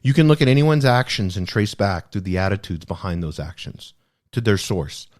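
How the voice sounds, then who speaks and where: A man's voice: lowish voice, very animated, normal speed, a little mellow. A man hosting a podcast, discussing a self-help book in an earnest, reflective way and repeating key phrases for emphasis. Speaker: podcast host.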